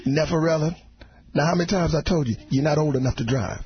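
A man voicing a loud, scolding Southern father who yells at his children, with a brash hollering delivery and a Southern accent. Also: a little high, fast talker, slightly rough, faint music behind, pitched below the performer's own voice. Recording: dull radio audio with crowd.

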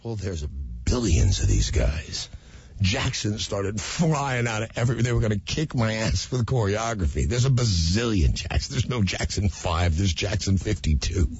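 Radio co-host, male, husky and dry, tells stories with energy on lo-fi audio. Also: on the low side, moderate pace, few pauses, no room sound. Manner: animated storyteller, acts out quotes. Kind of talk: casual radio banter and storytelling. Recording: dull lo-fi radio broadcast audio.

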